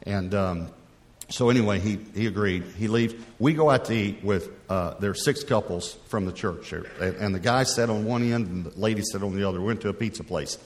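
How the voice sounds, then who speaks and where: Man, middle-aged, pastor, low-pitched, conversational sermon, restarts, long hall reverb. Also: fairly quick. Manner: conversational, rambling, with frequent restarts. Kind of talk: storytelling sermon.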